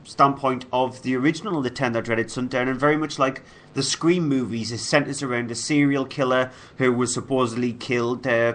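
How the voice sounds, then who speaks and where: A man co-hosting a film review show, presenting reviews in a casual, measured way with fillers. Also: medium pitch, fairly bright tone.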